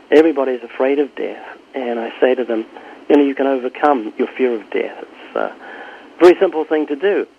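Older man, gravelly voice, a touch high, street preacher telling stories in an interview, acts out both sides of his conversations, thin phone-like sound. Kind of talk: interview answers, storytelling.

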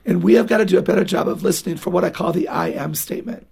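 Earnest husky-voiced woman guest. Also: on the low side, very fast, a little mellow. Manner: earnest, emphatic, acts out dialogue with children. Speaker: guest parenting author. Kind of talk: radio interview.

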